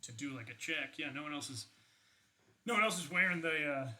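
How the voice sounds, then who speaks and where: A man's voice: on the high side, lively intonation, a little fast, sharp tone, a little hiss or hum, rough recording. A young man casually narrating a tabletop game as game master, rambling with lots of fillers and swearing.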